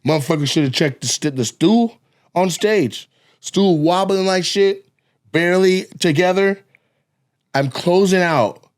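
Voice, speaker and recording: A man's voice: high voice, measured pace. A man, a comedian and podcast co-host, telling a profane, laugh-filled story and acting out voices and sound effects.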